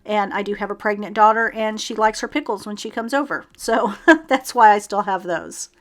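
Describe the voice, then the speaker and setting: A grandmotherly woman. She rambles in a friendly, unscripted way, full of ums and small laughs at herself. Her voice sits at an ordinary middle pitch. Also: moderate pace. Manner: chatty, with frequent ums and self-laughing asides. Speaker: home declutter vlogger. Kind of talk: casual how-to voice-over.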